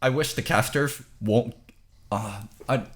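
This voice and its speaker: A man's voice: mid-range voice, slow. A man hosting a casual esports podcast, talking reflectively and filling his talk with "like". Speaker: podcast host, content creator.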